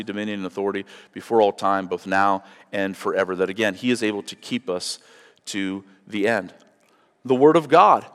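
Male pastor, sermon, earnest, punches key words, long reverb tail from a church hall. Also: medium pitch. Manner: earnest, emphatic on scripture, asks the room "okay?".

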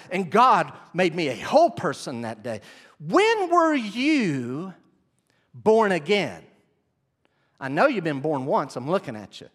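A man delivers an animated sermon in a fairly high voice. His pitch swings widely as he calls out to the congregation and draws them in. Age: 40s. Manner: animated, direct, addresses congregation. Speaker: pastor.

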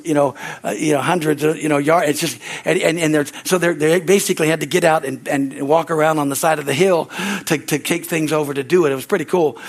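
Brief: high-pitched man, preaching pastor, fervent, peppers lines with hallelujah and amen, swings from loud to hushed. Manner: shifts between loud rises and low, quiet asides. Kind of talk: sermon.

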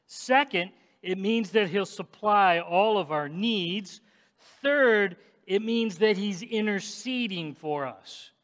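A man preaching a sermon, speaking emphatically and directly to the congregation and rising to shouts at times. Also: high voice, slow. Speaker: pastor. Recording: long echoing reverb of a large hall.

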